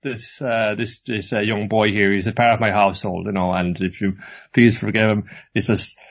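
A man's voice: on the low side, little pitch movement, moderate pace. A polite young woman who bows and apologizes, as a man puts her on. The voice is slightly lifted, and the recording sounds dull and lo-fi. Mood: apologetic. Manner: apologetic, deferential.

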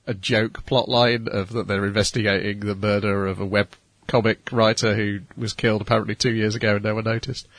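A man chatting casually on a podcast, making measured, analytical points. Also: lowish voice, flat delivery, a bit bright, a little hiss or hum. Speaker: podcast co-host. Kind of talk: casual chat about anime.

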